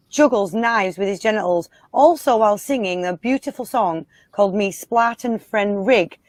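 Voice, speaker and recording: Brief: female comedy panelist, playful storyteller, mid-pitched, dry close sound. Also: no room sound. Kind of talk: casual comedic chat. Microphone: video call.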